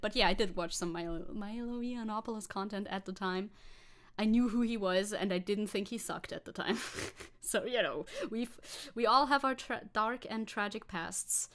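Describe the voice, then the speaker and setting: A woman VTuber streamer chatting casually with a giggly, sarcastic manner while reacting to a clip. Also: mid-range voice.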